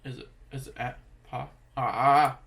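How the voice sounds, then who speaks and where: A young man thinking aloud as he practices a language lesson, sounding out foreign words haltingly. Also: medium pitch, little pitch movement, creaky, a bit bright. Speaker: language learner.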